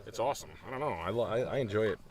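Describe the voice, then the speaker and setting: A man's voice: on the low side, animated, rapid-fire, crowd noise. Young male host, easygoing chat, laughs a lot and throws in impressions. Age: young adult. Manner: laid-back, laughing, acts out voices in stories. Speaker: stream host. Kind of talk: casual chat.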